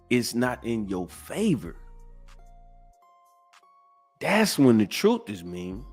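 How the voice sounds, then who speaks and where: A man's voice: on the high side, slightly rough. A man hosting a podcast, giving profane, preachy reaction commentary. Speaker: podcast host.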